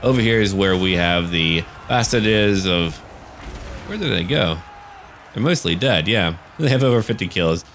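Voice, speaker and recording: A man's voice: deep voice, lively intonation, measured pace, a bit bright, slight background noise. A man casually commenting on a strategy game battle, chatty and joking. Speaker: gaming channel host.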